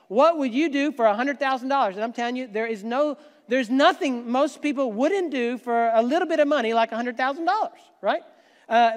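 A man giving a conversational sermon as pastor, joking asides to the congregation. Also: extremely high pitch. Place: church sanctuary. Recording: long church hall reverb.

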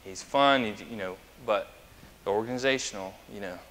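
A male pastor gives a chatty, anecdotal sermon and puts questions to his congregation. His voice is fairly low yet crisp and forceful. It rings out with a long reverb in a church sanctuary. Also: normal speed. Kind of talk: conversational sermon.

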